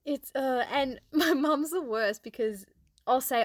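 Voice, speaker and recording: A woman's voice: high voice, a little slow, no echo, clean studio sound. A young Australian woman chatting casually on a podcast, laughing often as she tells stories. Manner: laughs often, animated storytelling. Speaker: podcast co-host. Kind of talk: casual chat.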